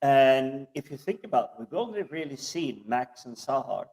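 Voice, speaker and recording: A man speculates thoughtfully in casual podcast chat. His voice comes from some way off the microphone. His pitch sits in the middle range. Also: sing-song, moderate pace, darkish tone. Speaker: TV review podcast co-host. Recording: distant from the microphone.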